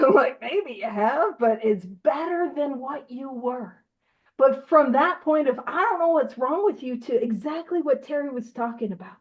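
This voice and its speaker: A woman's voice: high voice, expressive, moderate pace, highs cut off. A woman co-hosting an online recovery book study, chatting in an upbeat, jokey way. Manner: upbeat, jokey, laughs often. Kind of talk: casual online meeting talk.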